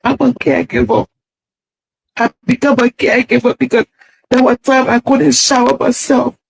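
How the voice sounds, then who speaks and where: A woman's voice: high voice, level tone, moderate pace, vocal fry, breathy edge, rough recording. A woman making a tearful, pleading apology video, played inside a commentary.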